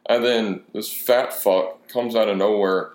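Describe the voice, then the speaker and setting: A man's voice: lowish voice, steady tone, unhurried. A man in his twenties telling a profane, rambling bar story in casual chat, acting out the other people's lines as he goes. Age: 20s. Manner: profane, storytelling with quoted dialogue. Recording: echoey room.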